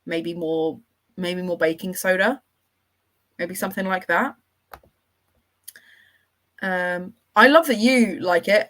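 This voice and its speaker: A woman with a lowish voice, hosting a casual livestream from home. She rambles from thought to thought and talks with her viewers in a chatty, enthusiastic way. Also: slow, long pauses, fairly bright tone. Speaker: livestream host.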